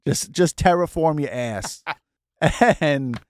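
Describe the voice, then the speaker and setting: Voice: medium pitch, expressive, slow, no echo, clean studio sound. A podcast co-host giving blunt, mocking, crude advice in casual chat.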